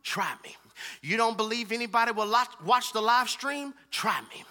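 A man's voice: extremely high pitch, moderate pace, sharp tone. A young adult male pastor preaching a sermon with impassioned, rhythmic repetition, stepping into God's words as he speaks.

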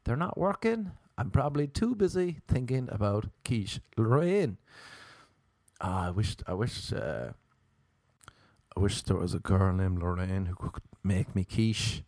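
A man's voice: lowish voice, expressive, measured pace, a little mellow, no echo, clean studio sound. A hungover man with an Irish accent, hosting a podcast in a rambling, self-mocking comedic monologue. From Ireland. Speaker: podcast host. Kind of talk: rambling comedic monologue, reading a joke erotic poem.

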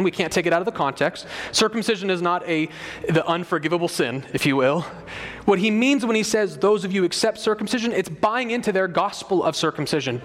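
A man with a high voice preaches an expository sermon and leans hard on repeated phrases for emphasis. His voice rings out in a hall with a long reverb. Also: fairly bright tone. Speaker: pastor.

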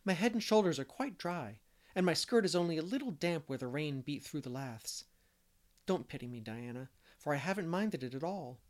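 An imaginative young girl, talkative and romantic, voiced by a male audiobook reader. His voice stays near its usual tone but rises in excited turns. It is an earnest storybook read. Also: a little high, normal speed, lightly acted. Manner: earnest, fanciful.

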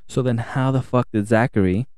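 A man's voice: mid-range voice, brisk, darkish tone, clean tone, no room sound, clean studio sound. A man co-hosting a podcast in casual chat, ranting animatedly and swearing freely. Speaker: podcast co-host. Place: home podcast setup.

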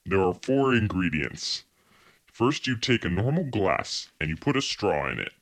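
A man's voice: low-pitched, unhurried, heavily acted. A man playing Pierre, a bossy, grumpy TV cook. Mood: deadpan. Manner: bossy, scolding, deadpan. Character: Pierre, bossy grumpy male TV cooking host. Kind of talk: comedy sketch acting.

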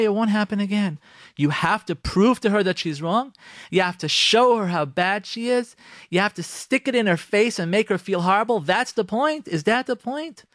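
A man's voice: high voice, moderate pace, no room sound, studio quality. A man hosting a radio talk show, giving marriage advice in an emphatic, repetitive way. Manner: emphatic and repetitive, animated acted-out quotes.

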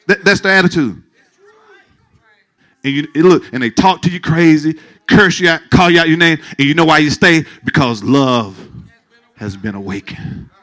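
Male pastor mid-sermon, animated and playful with the flock; a fairly high voice with a forceful edge. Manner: animated, joking with the congregation. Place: church sanctuary.

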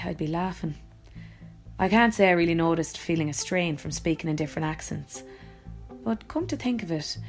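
A woman's voice: lowish voice, darkish tone. A woman with an Irish accent, an actor and voice-over artist, reading her own blog post aloud in a reflective, wry and personal way.

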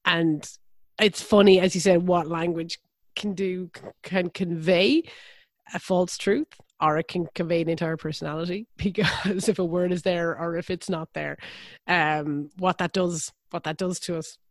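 A speaker in casual podcast conversation, reflective and quick to laugh. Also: mid-range voice, steady tone, no echo, studio quality.

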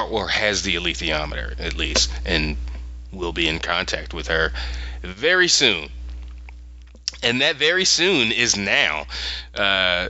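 Lively lo-fi podcast man recapping. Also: sits low, no echo. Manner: animated, acts out characters' lines in quick voices. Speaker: podcast host recapping a TV episode. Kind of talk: casual recap chat.

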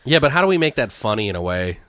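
A man in a casual chat, brainstorming a comedy movie plot aloud, animated, swearing and acting out bits of dialogue. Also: on the low side, fast talker, no echo.

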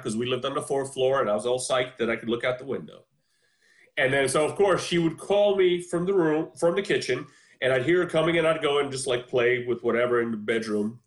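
Man in his forties, echoey room. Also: medium pitch. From New York. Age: 40s. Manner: animated storyteller, shifting pace. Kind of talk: casual storytelling chat.

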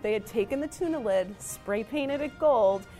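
A woman teacher telling a personal story in a lively, self-mocking way. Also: on the high side, normal speed, soft background music.

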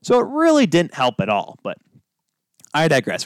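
Pitch swooping wildly, a man with a fairly high, smooth voice talks at normal speed on his one-man sports podcast. The studio-quality recording has no room sound, and his casual monologue strays into tangents laced with self-mockery.

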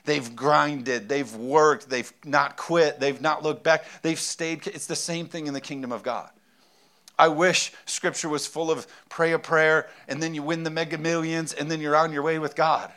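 A middle-aged man preaching a sermon, lively and conversational, with joking asides to the congregation. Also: on the high side, moderate pace. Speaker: pastor.

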